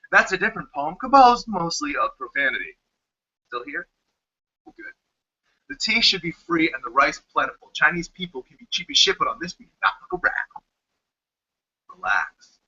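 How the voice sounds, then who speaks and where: A poet from the United States, a man with a New Jersey accent, performs spoken word in a high, piercingly bright voice. His delivery is punchy and sardonic, with profanity scattered throughout. The livestream audio sounds dull and lo-fi.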